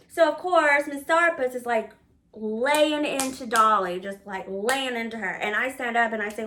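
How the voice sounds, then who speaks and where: A woman's voice: fairly high pitch, moderate pace. Blunt, profane woman telling a story. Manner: candid, profane, animated. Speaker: storyteller recounting work life. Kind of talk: casual storytelling.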